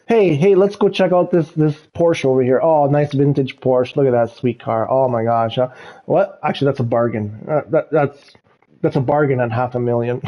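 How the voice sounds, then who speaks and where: Gravelly rambling gamer man. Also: fairly high pitch, animated, measured pace. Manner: rambling, laughs often, talks to chat. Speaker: livestreamer playing a racing game. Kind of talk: casual live gameplay commentary. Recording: dull lo-fi stream audio.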